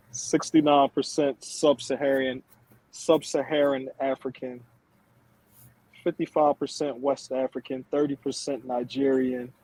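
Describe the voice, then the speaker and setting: A man's voice: medium pitch, level tone, slow pace, pauses often, darkish tone, rough recording. A man co-hosting a podcast, chatting casually with blunt, profane humor and frequent laughter. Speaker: podcast co-host. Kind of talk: casual chat.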